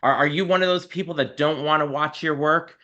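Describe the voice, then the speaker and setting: Bright-voiced male interview host. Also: fairly high pitch, fairly even intonation, fairly quick. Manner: easygoing, short affirmations and listed questions. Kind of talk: casual interview questions. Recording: dull lo-fi sound.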